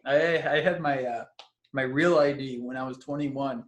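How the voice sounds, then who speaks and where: A young man in his twenties telling a story in casual chat on a podcast, animated and laughing often. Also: mid-range voice, normal speed, slight background noise. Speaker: podcast co-host.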